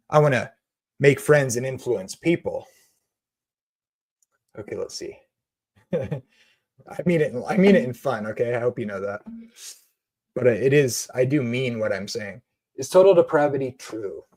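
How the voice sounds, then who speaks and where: Hombre apasionado y sarcástico. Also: male voice, mid-range voice, expressive, moderate pace, pauses often, a little mellow. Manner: passionate, sarcastic, indignant. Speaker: Christian video host. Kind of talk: ranting monologue and comment reading.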